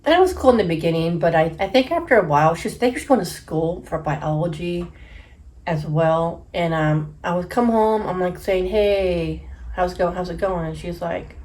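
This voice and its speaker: A woman in her thirties from the Bay Area, casually telling a story while she eats, chatty and quick to laugh. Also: on the low side, lively intonation. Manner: chatty, laughs often, acts out quotes loudly. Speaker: mukbang host.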